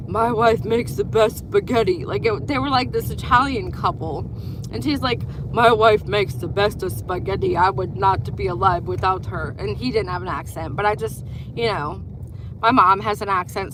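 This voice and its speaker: A woman who used to be an EMT, telling stories in a rambling casual way with many fillers while in a car on the road. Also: medium pitch. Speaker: former EMT vlogger. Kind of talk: casual storytelling. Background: car road noise.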